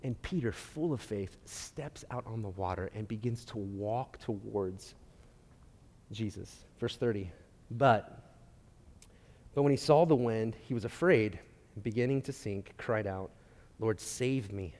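A man preaching a sermon, telling a story with lively swings between loud emphasis and quiet asides, often restarting his phrases. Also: lowish voice, unhurried. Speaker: pastor. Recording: long hall reverb.

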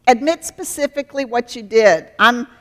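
A woman's voice: mid-range voice, unhurried, fairly bright tone. Woman preaching in a reverberant hall. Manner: earnest teaching, acts out dialogues. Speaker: Christian speaker and counselor. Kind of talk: sermon.

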